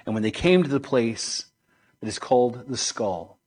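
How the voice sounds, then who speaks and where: Male preacher, mid-pitched, reading scripture slowly and solemnly, softening to near-hush on key lines. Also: animated, slightly rough.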